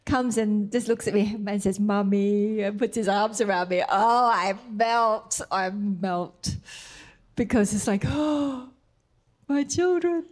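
A middle-aged woman preaching a sermon, tender and emphatic, slipping into soft whispered asides. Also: a little high.

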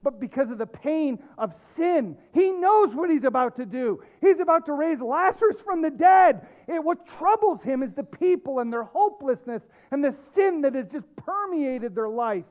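A male pastor preaching a sermon, emphatic, dropping low and quiet and then rising with loud stress. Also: expressive, moderate pace, hardly any pauses. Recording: tinny phone-like lo-fi sound.

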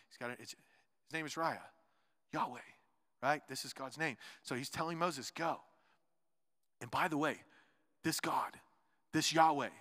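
Lively preaching man in an echoing hall. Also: a little high. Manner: animated, varies between loud emphasis and soft quiet asides; joking asides to the congregation. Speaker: pastor. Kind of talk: sermon. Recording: long reverb of a large hall.

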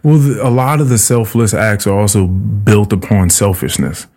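A man hosting a casual podcast chat, retelling a book with lots of swearing and jumping into high voices for quoted characters. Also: normal speed, dark tone. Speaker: podcast host.

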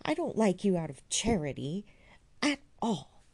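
A devoted young man who pleads earnestly and takes hurt easily, as a woman reader puts him on. The voice is mellow and slightly gravelly, rising with feeling. He sounds like someone from a storybook romance. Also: mid-range voice, sing-song, a little slow, voice pushed up.

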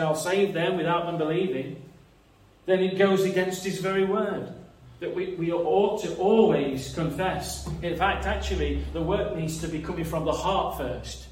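Man, preacher, earnest sermon, slightly high voice, distant mic. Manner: earnest, reasoning aloud, repeats words. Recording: echoey room, mic some distance away.

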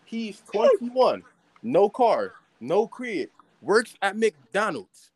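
A man's voice: high-pitched, sing-song, extremely slow, a little mellow, slightly rough, no echo, poor audio. Brash young man telling stories. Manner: brash, swears freely, tells stories with mock quotes. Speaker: podcast host. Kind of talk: casual banter.

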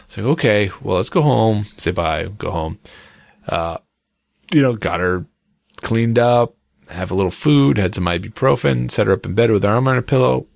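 A man's voice: lowish voice, fairly quick, gravelly, no echo. A man chatting casually as a podcast co-host, telling a rambling story with frequent laughs. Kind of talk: casual chat.

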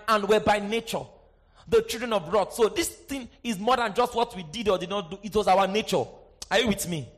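High-voiced preacher shouting and hushing. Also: male voice. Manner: dynamic, swings from shouting to hushed asides; asks the congregation for response, sing-song emphasis. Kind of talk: sermon.

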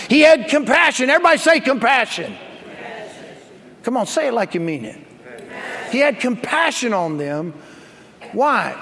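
A male pastor preaching a sermon, building to shouts and calling on the congregation to respond. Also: extremely high pitch, long reverb tail.

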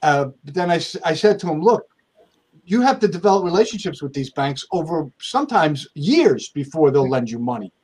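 A man with a somewhat high voice tells stories from his own career as an interview guest. He speaks conversationally, restarting sentences often and acting out what other people said. He is from the United States. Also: very animated, fairly quick, darkish tone, slightly rough. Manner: conversational, many restarts, acts out quoted dialogue. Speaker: accountant and firm owner, guest. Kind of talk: storytelling interview answers.

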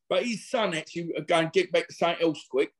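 Middle-aged bloke, ex fighter, rambling laddish yarns, fairly high voice. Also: male voice, a little fast. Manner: chatty, rambling, laddish slang with frequent fillers. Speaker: former boxer, interview guest. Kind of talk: casual storytelling interview.

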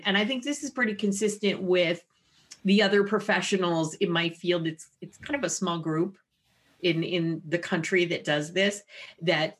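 A woman voice therapist explaining her methods in an interview, with an animated, wide-ranging inflection. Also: on the low side. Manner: explanatory and clinical.

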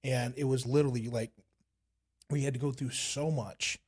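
Husky-voiced man on a church panel, lively storyteller who voices the people in his stories. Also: mid-range voice, normal speed. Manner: animated storyteller who acts out quoted voices. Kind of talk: casual faith discussion.

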